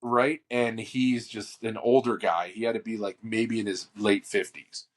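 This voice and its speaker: A man co-hosting a podcast, telling a long story in a casual, animated way, full of fillers and swearing. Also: lowish voice, measured pace. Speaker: podcast co-host.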